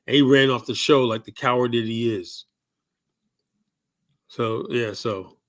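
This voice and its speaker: An American man with a medium-pitched, fairly even, unhurried voice hosts a call-in show. He rants heatedly in livestream commentary, asking "you know?" over and over.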